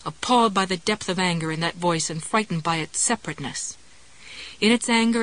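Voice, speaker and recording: A woman narrating a novel in a measured, wry storytelling manner. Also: lowish voice, fairly bright tone, rough recording. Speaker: audiobook narrator. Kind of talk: scripted narration.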